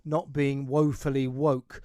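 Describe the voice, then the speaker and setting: Smooth-voiced man hosting studio talk. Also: medium pitch, flat delivery, takes it slowly, dark tone, dry recording. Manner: pointed, provocative questioning. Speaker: talk show host.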